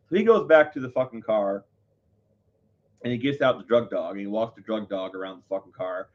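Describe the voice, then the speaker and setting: A man's voice: lowish voice, lively intonation, fairly quick. Male live-show host, heated and profane storyteller, rambling delivery, muffled lo-fi audio. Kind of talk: casual storytelling to viewers. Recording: dull lo-fi audio.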